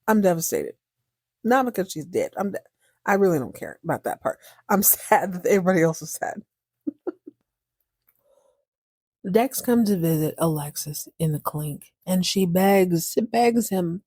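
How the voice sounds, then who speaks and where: Woman host, casual comedic recap, sassy and quick-witted, dry close sound. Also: mid-range voice, expressive, warm tone, dry recording. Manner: sassy and playful, voicing characters in quick bursts. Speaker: podcast host recapping a TV series.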